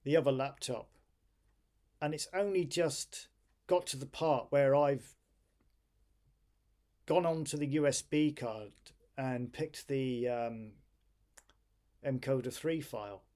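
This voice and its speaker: A man's voice: medium pitch, slow, long pauses, a little mellow. A tired man casually thinking aloud on a live stream while he waits on an old home computer to finish a job.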